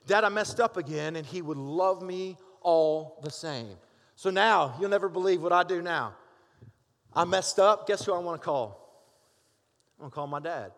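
High-voiced male pastor in echoing hall. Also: moderate pace. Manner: lively and conversational, asks the crowd for amens. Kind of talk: sermon. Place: church sanctuary. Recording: long hall reverb.

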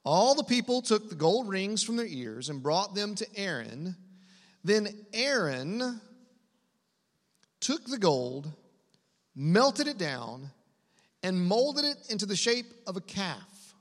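A man preaching a sermon to a room, conversational and animated, with asides to the listeners. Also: high-pitched, takes it slowly, pauses often, long reverb tail. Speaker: pastor.

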